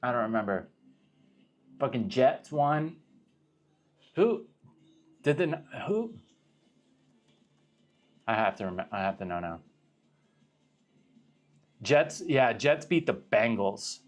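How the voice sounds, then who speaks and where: A man's voice: medium pitch, very animated, takes it slowly, long pauses. A young man from Arizona chatting casually on a livestream, rambling, swearing and cutting himself off as he reacts to viewer questions. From Arizona, USA. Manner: rambling, profane, self-interrupting. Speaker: livestream host.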